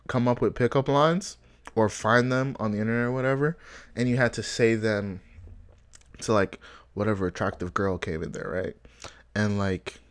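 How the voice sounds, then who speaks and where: A young man from Africa telling animated stories in casual chat, laughing often and acting out the quotes. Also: lowish voice.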